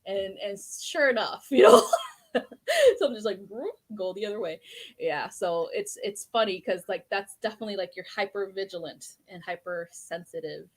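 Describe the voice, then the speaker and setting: A woman's voice: mid-range voice, moderate pace. A woman guest in a casual podcast chat, telling stories animatedly, laughing a lot and swearing freely.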